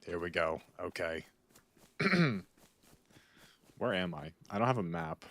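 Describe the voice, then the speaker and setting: A man's voice: low voice, expressive, takes it slowly, a bit bright. A young man chatting casually while playing a video game, rambling and cutting himself off, talking to a friend off-mic. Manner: rambling, self-interrupting, talks to a friend off-mic. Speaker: gaming streamer. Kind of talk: casual gaming commentary.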